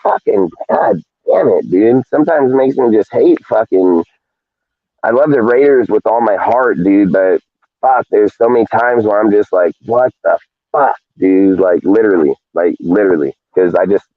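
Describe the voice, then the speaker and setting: A man's voice: lowish voice, no echo. A man hosting a live fan show, ranting heatedly and swearing constantly. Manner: heated, profane, rapid rants. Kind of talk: ranting live-stream talk. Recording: dull lo-fi stream audio.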